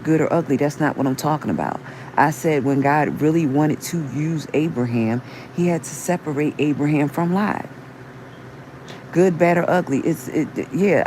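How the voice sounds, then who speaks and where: A woman with a deep, slightly mellow voice hosts a livestream where she preaches casually and earnestly. She repeats herself, restarts often, and cites scripture, and the poor audio has slight background noise.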